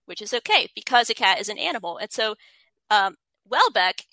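A woman's voice: medium pitch, sing-song, brisk, bright, forceful tone, no room sound, rough recording. A woman writer giving an interview, explaining ideas earnestly and reading quotes aloud. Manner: earnest, frequent restarts, reads quotes aloud. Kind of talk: thoughtful conversational explanation.

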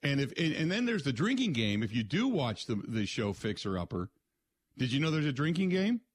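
A male sports radio host, talking in loose, joking rants at an ordinary mid pitch. His voice is close and dry in the studio, with no room sound. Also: sing-song, a little fast, slightly rough, no echo. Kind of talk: casual radio talk. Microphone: studio mic.

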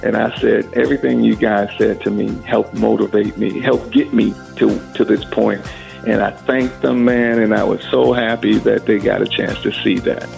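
A man's voice: on the low side, normal speed, faint music behind. A middle-aged man, a singer, telling a story as an interview guest and acting out the voices he quotes. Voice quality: gravelly, husky. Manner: lively storyteller who acts out quoted voices. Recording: tinny phone-line sound.

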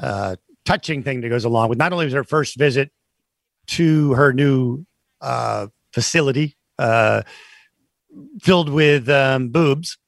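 A man co-hosting a casual talk show, speaking haltingly with many fillers. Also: medium pitch, gravelly, dry recording. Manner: halting, filler-heavy, laughs easily. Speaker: co-host. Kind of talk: casual chat.

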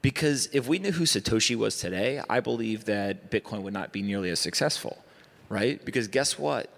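A guest investor on a conference panel speaks emphatically, throwing in rhetorical asides. His voice is on the low side and fairly bright, with lively intonation, normal speed and some vocal fry, and it echoes through a large hall on the conference stage.

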